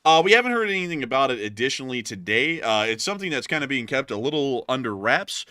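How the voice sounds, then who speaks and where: Bright-voiced laid-back male co-host. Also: medium pitch, big pitch swings, fast, dry recording, clean studio sound. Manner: laid-back, laughing, repeats stock thank-you phrases. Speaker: co-host of a live news stream. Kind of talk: casual live-stream chat.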